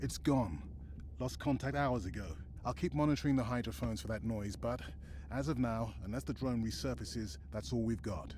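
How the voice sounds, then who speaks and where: A man's voice: extremely high pitch, big pitch swings, fast, creaky, hardly any pauses, heavily acted. An actor playing a terse male research scientist, delivering bad news in a clipped, businesslike way in a video game. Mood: grim. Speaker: marine research teammate. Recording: noisy game audio.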